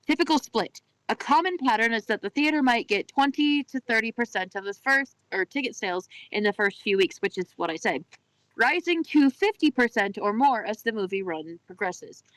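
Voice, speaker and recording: A woman's voice: on the high side, expressive, normal speed, a bit bright, no room sound, rough recording. A woman co-hosting a casual chat show, rambling and correcting herself, slipping into a put-on Irish lilt. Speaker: podcast co-host.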